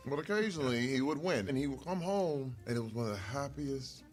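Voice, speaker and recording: A man telling stories from his life in casual conversation over a meal, animated and earnest, sometimes getting emotional. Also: medium pitch, a little fast, soft background music. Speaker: guest.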